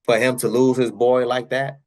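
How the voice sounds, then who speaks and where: A man's voice: mid-range voice, flat delivery, moderate pace. Young man ranting at his viewers. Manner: talks straight to viewers, repeats himself, fires off rhetorical questions. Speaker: channel host. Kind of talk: casual commentary on news clips.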